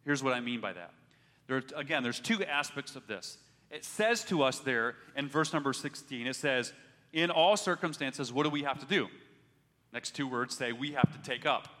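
A pastor preaches a sermon earnestly, his medium-pitched voice expressive, bright and forceful at a moderate pace. He presses harder when urging his listeners and often restarts his words. Long hall reverb colors the recording.

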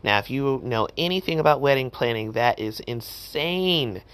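A middle-aged woman hosting a podcast, telling a personal story in a chatty, animated way with lots of fillers and acted-out quotes. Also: a bass voice, normal speed. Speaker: podcast host. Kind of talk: casual storytelling.

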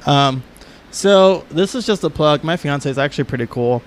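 A man's voice: fairly high pitch, animated, moderate pace. A man co-hosting a podcast, telling a story in casual chat with many fillers and frequent laughs. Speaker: podcast co-host.

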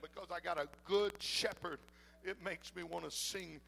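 A high-voiced male pastor with a gravelly edge, preaching a sermon. His tone is bright and forceful, and he swings between ringing declarations and hushed, close talk with the congregation. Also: steady tone, moderate pace, soft background music, low-quality recording. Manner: shifts between loud preaching and soft intimate talk.

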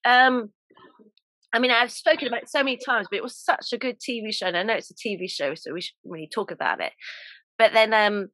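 An English woman hosting a podcast, talking in a relaxed, chatty way with lots of laughs and fillers. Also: on the high side, brisk, no room sound. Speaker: podcast host. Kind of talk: casual chat.

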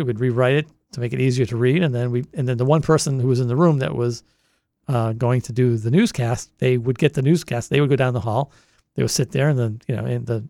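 Recorded cleanly in a studio with no room sound, a man from the Boston area, now in his sixties, tells rambling stories about volunteering for years at a college radio station. His mid-range voice is dark-toned with vocal fry, and he keeps restarting his thoughts.

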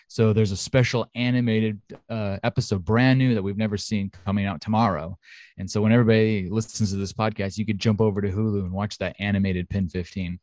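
A man's voice: lowish voice, fairly even intonation, fairly quick, darkish tone, no room sound. A man co-hosting a podcast in casual chat, talking in a chatty, enthusiastic way with lots of fillers. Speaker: podcast co-host. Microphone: home studio mic.

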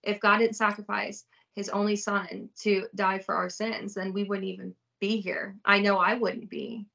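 A woman's voice: medium pitch, level tone, normal speed, gravelly, pushed and bright, distant mic, muffled recording. A woman co-hosting a podcast, speaking earnestly in a casual faith chat. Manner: earnest, testifying. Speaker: podcast co-host.

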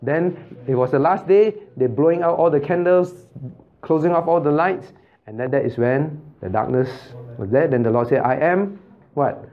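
A pastor leads a Bible study class, firing questions at his listeners and checking they follow with a quick "right?" He chuckles often as he explains. The recording is muffled and lo-fi. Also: mid-range voice. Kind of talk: interactive Bible study teaching.

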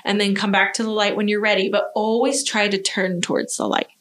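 A woman's voice: mid-range voice, flat delivery, fairly quick, a bit bright. A young adult woman hosting a casual podcast chat, talking earnestly about kindness and boundaries in imagery of light and darkness. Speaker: podcast host.

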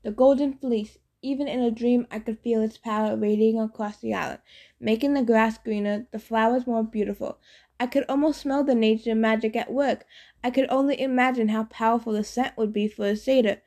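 A woman narrating an audiobook in a steady, expressive reading voice. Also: fairly high pitch, a little fast.

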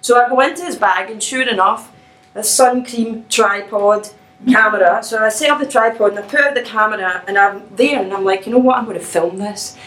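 A middle-aged woman telling a personal story in an animated, laughing, self-mocking way. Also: medium pitch, a little fast, reverberant, rough recording.

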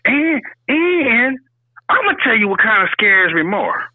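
Excitable, profane man with husky voice. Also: extremely high pitch, a little slow, dry recording, phone-quality sound. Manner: loud, profane, laughing. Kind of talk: casual chat.

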